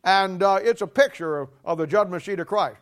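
A man preaching a sermon emphatically, voice dropping low and soft at the ends of points. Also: fairly quick. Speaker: pastor.

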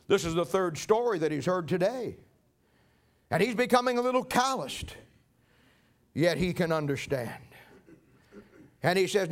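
Very high-voiced preacher telling a story. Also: male voice, expressive, normal speed, long pauses. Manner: vivid, dramatic storytelling. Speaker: pastor. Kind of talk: sermon storytelling.

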